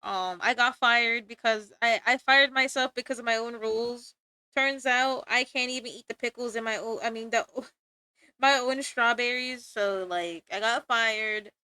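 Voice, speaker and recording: A woman's voice: on the high side, measured pace, bright, forceful tone, clean tone, no room sound. A young woman streamer chatting casually while drawing, rambling and giggling, with casual swearing.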